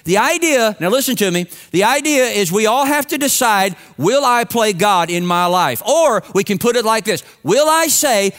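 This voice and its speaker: A man's voice: high-pitched, expressive, normal speed, few pauses, fairly bright tone, clean tone. A man preaching a sermon to his congregation in a conversational, humorous storytelling way. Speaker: pastor. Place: church sanctuary with congregation.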